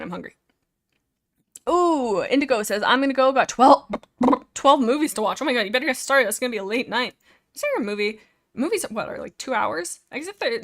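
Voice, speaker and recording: A woman's voice: mid-range voice, a bit bright. A young woman streaming from home, chatting casually and rambling as she reads and answers viewer comments. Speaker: live streamer.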